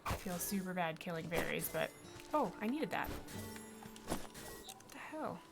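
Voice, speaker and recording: A woman streaming a video game, chatting casually to herself, with mild swearing, over loud game music. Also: fairly low pitch, big pitch swings, unhurried, creaky. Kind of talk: casual gameplay commentary.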